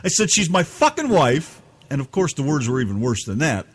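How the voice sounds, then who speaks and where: A man's voice: medium pitch, sing-song, brisk. A man from the United States telling an angry, profane story as a podcast co-host. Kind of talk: ranting storytelling.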